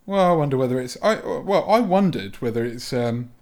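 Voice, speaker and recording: A man's voice: medium pitch, animated, a little fast, darkish tone. A young man chatting casually as a podcast co-host, laid-back and sweary, trailing off with ums. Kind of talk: casual chat.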